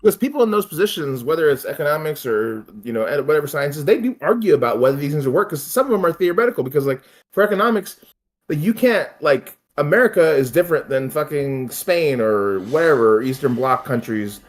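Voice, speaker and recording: A man with a fairly high speaking voice, talking casually with a friend on a stream. He speaks emphatically, swears freely, and acts out little quoted exchanges. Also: animated, fairly quick. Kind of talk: casual chat.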